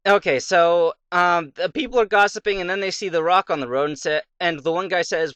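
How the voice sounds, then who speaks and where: A man's voice: high voice, brisk, hardly any pauses, a bit bright, dry recording. A young man casually commenting on his gameplay, rambling through a fairy tale between moves and muttering to himself. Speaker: let's play commentator.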